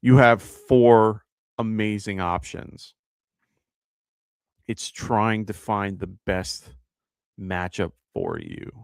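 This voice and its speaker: A man's voice: on the low side, sing-song, extremely slow, creaky, long pauses, clear, resonant tone, no room sound, studio quality. A man with a New York accent hosting a live fantasy football show, chatting casually, thinking aloud with fillers and reading out viewer questions. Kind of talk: live-stream fantasy advice chat.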